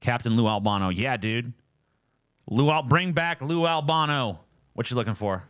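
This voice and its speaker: Animated, foul-mouthed male streamer. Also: medium pitch, moderate pace, smooth, dry recording. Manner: animated, profane, ranting. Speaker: live streamer. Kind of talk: casual live-stream chat. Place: home.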